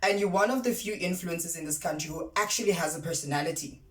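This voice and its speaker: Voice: medium pitch, fast. A vlogger giving chatty, sassy commentary full of rhetorical questions, speaking straight to viewers. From South Africa. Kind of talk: casual commentary vlog. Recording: roomy echo.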